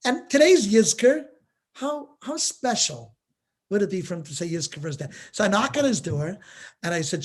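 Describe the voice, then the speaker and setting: Lively storytelling rabbi, a man. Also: high-pitched, fairly quick, husky. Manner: lively storyteller, acts out quoted dialogue. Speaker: rabbi and art lecturer. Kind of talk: storytelling lesson on a live stream.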